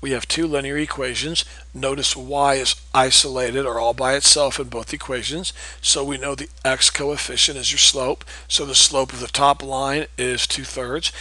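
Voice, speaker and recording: Bright, husky male math teacher. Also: medium pitch, little pitch movement, normal speed, dry recording, rough recording. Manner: patient, repeats key points with checks like "okay?". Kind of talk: recorded geometry lesson.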